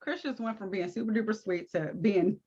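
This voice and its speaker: A woman co-hosting a casual TV recap, with quick, sassy reactions and asides. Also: mid-range voice, a little mellow, slightly rough, highs cut off. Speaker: co-host of a TV recap show.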